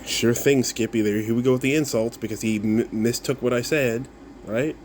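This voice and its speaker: A man's voice: mid-range voice, steady tone, moderate pace, darkish tone, a little hiss or hum. Mocking man ranting at online critics. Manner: mocking, laughs often, swears, repeats himself. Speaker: content creator replying to comments. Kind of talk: casual video rant.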